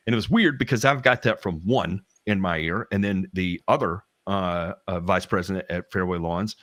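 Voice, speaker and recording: Southern guy, real low voice, dry close sound, talks in loops and cusses. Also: moderate pace, few pauses, fairly bright tone, no echo. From American South. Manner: rambling, frequent restarts and fillers, candid with swearing. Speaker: podcast guest telling work stories. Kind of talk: casual chat.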